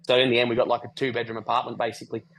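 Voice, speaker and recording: Laid-back bloke yarning over a video call, monotone delivery, light background noise. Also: male voice, mid-range voice, racing, poor audio. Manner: laid-back, rambling, swears casually. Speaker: podcast guest. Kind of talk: casual storytelling over a call.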